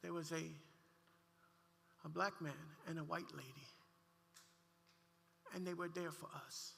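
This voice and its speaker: A man preaching a sermon, telling a heartfelt personal story with animated delivery and frequent restarts. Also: a little high, measured pace, gravelly, slight background noise. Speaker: pastor. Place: church sanctuary. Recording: long church hall reverb.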